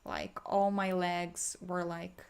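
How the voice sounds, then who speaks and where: A woman guiding a healing meditation, talking slowly and softly with sighs, sometimes chanting in an invented language. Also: lowish voice, flat delivery, vocal fry, clean tone. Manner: slow, soft, sighing, breaks into chanted light language. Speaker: spiritual healer.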